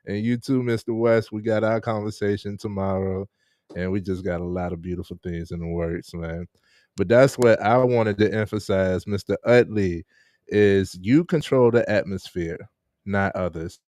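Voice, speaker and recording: A man's voice: lowish voice, steady tone, normal speed, darkish tone. A man hosting a casual live-streamed interview, chatting with viewers and laughing often. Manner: laid-back, laughs often, chats with viewers.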